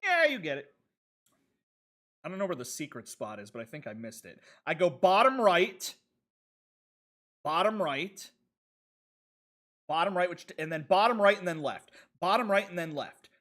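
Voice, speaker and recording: High-voiced man chatting through gameplay. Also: sing-song, moderate pace, pauses often, fairly bright tone. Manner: rambling, self-talking while playing, chatting with viewers. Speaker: streamer. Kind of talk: casual gameplay commentary.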